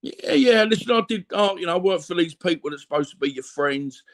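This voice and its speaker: A man's voice: high voice, animated, a little fast. A middle-aged Cockney man telling blunt, rambling stories as an interview guest, full of fillers and repeats. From London, England. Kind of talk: candid conversational storytelling.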